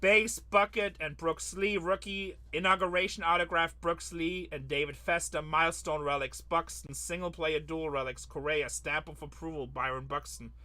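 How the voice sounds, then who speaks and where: A man hosts a live sports card-break stream in a quick selling patter, rattling off long lists and joking with and teasing his buyers. His voice is bright, forceful, and somewhat high, with a steady tone.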